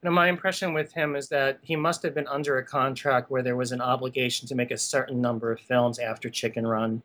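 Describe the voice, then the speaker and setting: A man talking as a podcast guest, chatty and animated, laughing often and telling stories with many asides. His pitch sits in an everyday middle range. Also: brisk. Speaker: guest, animation art conservation director. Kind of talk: conversational podcast interview.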